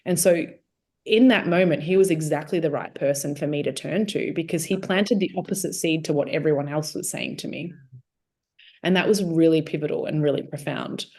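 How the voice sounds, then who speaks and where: Woman, low voice, casual storytelling, animated quoted dialogue. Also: brisk. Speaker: guest sharing her testimony.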